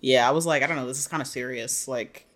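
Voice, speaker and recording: A woman's voice: extremely low pitch, quick pace. A woman co-hosting a casual podcast chat, talking hesitantly with lots of fillers and trailing off. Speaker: podcast co-host.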